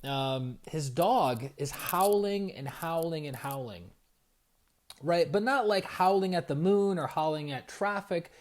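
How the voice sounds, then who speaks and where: A man in his forties streams from home at night, chatting casually about spiritual growth. His voice sits slightly high, and he tells stories in an animated, meandering way, with restarts and quick shout-outs to viewers. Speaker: spiritual coach and livestream host. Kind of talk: casual livestream talk.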